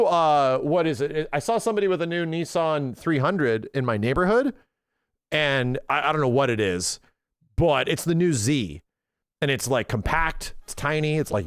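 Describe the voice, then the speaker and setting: A man in his forties chatting casually on a livestream, telling animated stories with lots of swearing. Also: medium pitch, dry recording, clean studio sound. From Los Angeles area. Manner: excitable, swearing, animated storytelling. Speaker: streamer.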